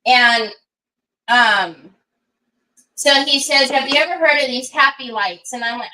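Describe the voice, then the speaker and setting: A middle-aged woman hosting a craft livestream, chatting in a rambling way while she works and talking softly to a small child beside her. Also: high voice, a little slow, pauses often, rough recording. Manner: rambling, chatty storytelling with many asides; soothing baby talk to a small child. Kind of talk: casual chat while crafting.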